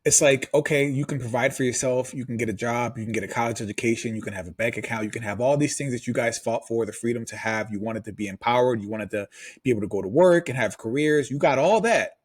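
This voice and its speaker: A man's voice: mid-range voice, quick pace, slightly rough, no echo. A man co-hosting a podcast, arguing emphatically with repeated rhetorical questions in casual talk. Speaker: podcast co-host.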